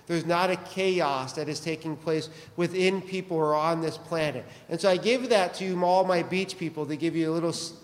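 Male pastor, high voice, chatty joking sermon, long hall reverb. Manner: conversational, joking, asks the congregation questions.

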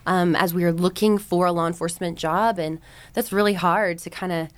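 A woman's voice: lowish voice, fairly even intonation, a little fast, dry recording. A woman in her thirties from the United States, a podcast guest telling her personal story with candid, reflective earnestness and frequent ums and likes.

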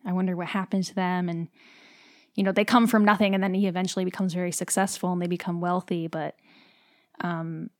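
A woman's voice: lowish voice, flat delivery, brisk, darkish tone, no room sound, clean studio sound. A young woman, a stage actor, chatting in an interview, talking freely with lots of "like" and getting emotional. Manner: chatty, heavy use of "like", emotional. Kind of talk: casual interview chat.

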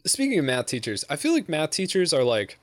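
A man's voice: a little high, wildly swooping pitch, a little fast, no echo. A young man co-hosting a podcast in casual chat, rambling with lots of swearing and laughter. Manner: rambling, profane, laughs often. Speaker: podcast co-host.

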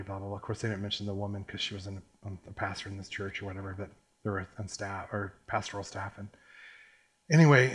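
A man's voice: on the low side, breathy edge. A middle-aged man preaching a sermon, telling a personal story and acting out the quotes. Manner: animated storyteller, acts out quotes. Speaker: pastor.

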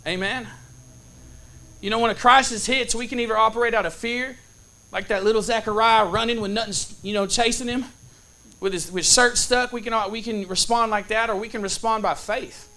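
A man's voice: sits high, steady tone, normal speed, sharp tone. A man preaching a sermon, telling a story in a folksy, casual way and checking in with the congregation. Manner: storytelling with call-and-response asides.

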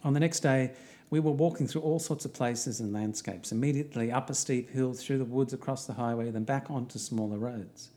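A man's voice: medium pitch, a little fast, warm tone. A middle-aged Australian man narrating a walking trip diary in an easygoing, wry way.

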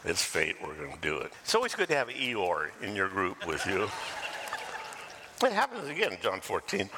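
An older man preaches a sermon, acting out the scripture with animated, swooping delivery. His voice is bright and forward. It rings with a long hall reverb over faint room ambience. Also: on the low side, fairly quick, a little hiss or hum. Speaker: pastor.

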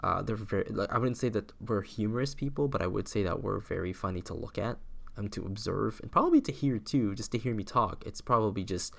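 Gravelly sick man rambling on a podcast. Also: fairly low pitch, a little fast, fairly bright tone. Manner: meandering, self-interrupting, with frequent restarts. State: sick, voice lower than usual. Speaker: podcast host. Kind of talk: rambling solo podcast monologue.

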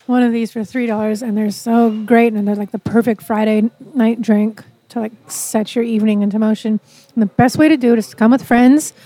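A woman's voice: fairly high pitch, warm tone, no room sound. A woman from Canada chatting casually over a meal, with lots of "like" fillers. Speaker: interviewee.

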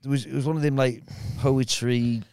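A man's voice: medium pitch, steady tone, moderate pace, a little mellow, smooth, no room sound, studio quality. A man, a guest comedian telling rambling stories in casual podcast chat and acting out the other people in them. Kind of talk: casual storytelling.

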